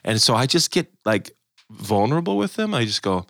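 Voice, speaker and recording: Animated thirty-something man telling a story. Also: mid-range voice, fairly quick, gravelly, no echo, studio quality. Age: 30s. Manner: animated storyteller, acts out others' lines. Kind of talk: casual faith chat.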